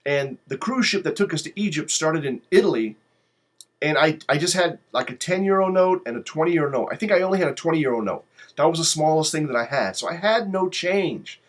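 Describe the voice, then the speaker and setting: A man with a fairly high voice tells travel stories off the cuff. He rambles, swears freely and gets animated as he goes. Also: brisk. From lives in Poland. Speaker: vlogger. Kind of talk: casual travel storytelling.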